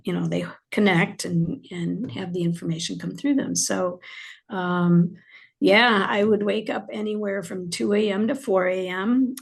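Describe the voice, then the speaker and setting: A woman's voice: medium pitch, creaky, slightly rough. A woman author as a podcast guest, chatting casually with many fillers and getting emotional as she talks. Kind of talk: casual interview chat.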